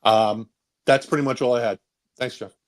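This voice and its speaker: A man's voice: mid-range voice, fairly even intonation, normal speed. Guy calling in to a show, rambling, lots of uhs, middle voice. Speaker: caller. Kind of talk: casual call-in chat.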